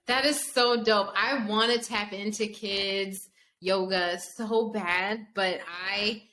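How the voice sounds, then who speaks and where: A woman hosting a podcast, candid and quick to laugh, chatting casually with her guest. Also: medium pitch, fairly even intonation, pushed and bright, slight background noise. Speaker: podcast host.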